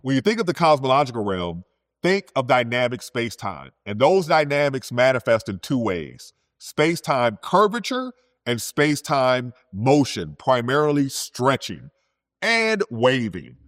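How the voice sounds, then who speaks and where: A man, a physicist, telling science stories in a relaxed, conversational way, often adding "you know" and "right?". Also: medium pitch, a little slow, no room sound, clean studio sound. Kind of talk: storytelling science talk.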